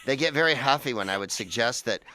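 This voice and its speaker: Bright, smooth-voiced joking man. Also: mid-range voice, lively intonation, fast talker. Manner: wry, joking. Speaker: comedian guest. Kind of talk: radio interview chat.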